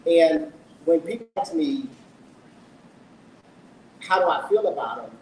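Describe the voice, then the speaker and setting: A middle-aged man at his book launch takes it slowly, his fairly high, darkish voice carrying lively intonation. He earnestly and emotionally recounts a personal story to the audience and asks them questions, recorded from a distance in an echoey event room with faint noise.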